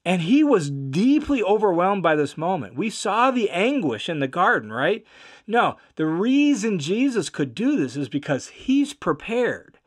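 A man's voice: sits high, sing-song, measured pace. A man teaching a verse-by-verse Bible lesson, telling the story in a conversational way and acting out the quoted lines. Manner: conversational with "right?" asides.

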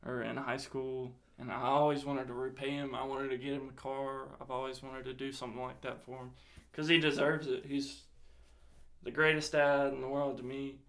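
Speaking at normal speed in a mid-range voice, a young man recounts a personal story in a casual way. His lively retelling is full of swearing and acted-out quotes.

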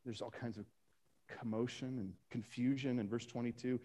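A man's voice: mid-range voice, moderate pace, a little mellow. A man preaching a Sunday sermon, reading scripture aloud and asking the congregation rhetorical questions. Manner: reads scripture aloud, rising for emphasis. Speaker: pastor.

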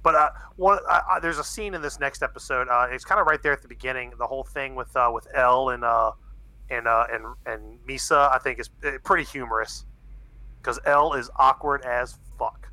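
A man casually chatting on a podcast, excitable, swearing freely and using laid-back slang, sipping beer as he talks. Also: mid-range voice, fairly quick, dry recording. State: drinking beer while talking. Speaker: podcast co-host. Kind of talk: casual chat recapping an anime.

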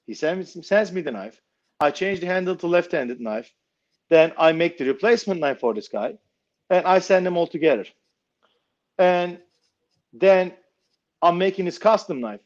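A knife maker telling a story casually, blunt and swearing freely. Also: male voice, sits high, expressive, normal speed, long pauses, dull audio.

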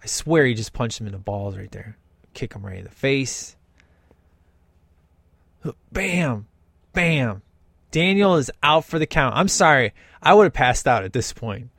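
Host, male, eager watch-along commentary, mid pitch, dry close sound. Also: measured pace, creaky, long pauses, no room sound. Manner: excited, enthusiastic, imitates characters. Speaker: host reacting to a film.

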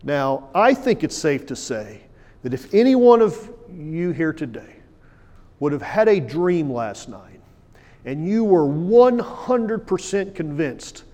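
A man's voice: a little high, big pitch swings, slow. Man preaching in a reverberant hall. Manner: emphatic preaching with big swings from loud to hushed. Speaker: pastor. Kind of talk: sermon. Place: church sanctuary. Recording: long church hall reverb.

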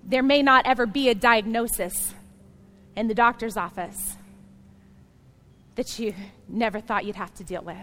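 A woman pastor delivers a sermon in a high, clear voice. She speaks earnestly and straight to the congregation, often swelling into loud, emphatic declarations. A faint hiss sits under her voice. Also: a little slow, long pauses. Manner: direct appeals to the congregation.

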